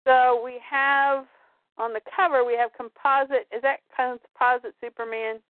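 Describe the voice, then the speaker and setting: On a comic book podcast, a woman with a high-pitched voice casually recaps a story and briefly performs the characters' lines in quick voices. The sound is dry and tinny, like a phone.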